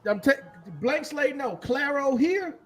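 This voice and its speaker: A man's voice: very high-pitched, lively intonation, measured pace, fairly bright tone, faint music behind. A man on a veterans' podcast pressing questions emphatically and laughing. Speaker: podcast guest. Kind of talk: casual banter among veterans. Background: crowd chatter.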